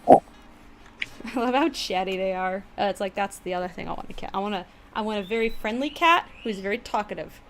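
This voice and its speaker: A woman's voice: mid-range voice, a little fast, slight background noise. A woman from New Hampshire co-hosting a stream, chatting in a rambling way with lots of fillers. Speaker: co-host of an animation stream. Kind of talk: casual chat.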